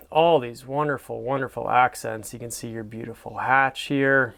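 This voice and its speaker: Admiring, rambling man with a smooth voice. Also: medium pitch, steady tone, moderate pace. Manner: enthusiastic, admiring, rambling with fillers; soft-spoken sleep-friendly delivery. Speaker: host. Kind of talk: casual commentary on classified ads.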